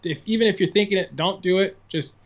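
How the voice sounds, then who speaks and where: A young man in his twenties from California, a guitarist and singer, chatting as a podcast guest, telling stories with lots of "like" fillers and quick laughs. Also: sits high, dull audio. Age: 20s. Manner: chatty storyteller, many "like" fillers, laughs often. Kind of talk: casual podcast conversation.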